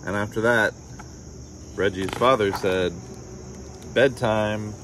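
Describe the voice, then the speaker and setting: Man reading a picture book, low voice. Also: fairly even intonation, slow pace, a little hiss or hum. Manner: gentle storytelling, voices the children's lines slightly higher and livelier. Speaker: storybook reader.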